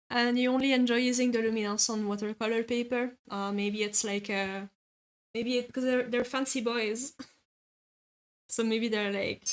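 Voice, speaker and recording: A woman's voice: a little high, fairly even intonation, a little slow, long pauses. A woman streamer with a French accent chatting casually with viewers while drawing, hesitant and full of filler sounds, laughing often. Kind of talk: casual chat, reading and answering viewer comments while drawing.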